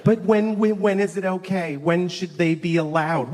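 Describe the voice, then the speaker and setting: A man's voice: sits high, normal speed, hardly any pauses, slight background noise. A middle-aged man doing crude, mocking stand-up comedy and acting out other people's voices. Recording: live show with crowd laughter.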